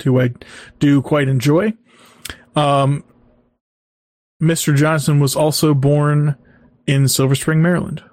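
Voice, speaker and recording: A man co-hosting a podcast, chatting casually about movies in a measured, informative way. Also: mid-range voice, a little mellow, no echo. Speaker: podcast co-host.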